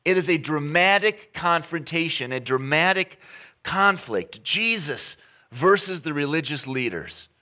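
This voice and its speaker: A male pastor in his thirties praying and then preaching a sermon, telling stories with animated emphasis and repeated phrases. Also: a little high, unhurried.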